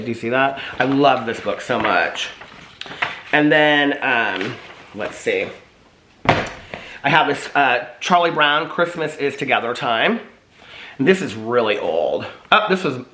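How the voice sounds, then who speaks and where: A man vlogging casually to his viewers, chatty and animated, often asking them if they can see what he holds up. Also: mid-range voice, echoey room, a little hiss or hum. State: out of breath. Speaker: vlogger showing old Christmas keepsakes. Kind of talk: casual chat to camera.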